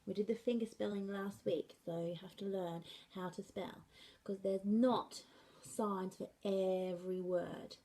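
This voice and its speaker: A woman teaching a sign language class in a slow, patient way, often checking in with "okay". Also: mid-range voice, fairly even intonation, mellow. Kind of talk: classroom lesson.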